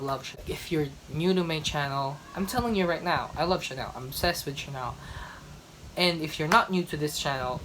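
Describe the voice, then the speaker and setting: Chatty young woman with a lower voice. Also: fairly bright tone, slight background noise, rough recording. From Philippines. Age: young adult. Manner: chatty, emphatic, fond of repeating herself. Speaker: vlogger. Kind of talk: casual chat.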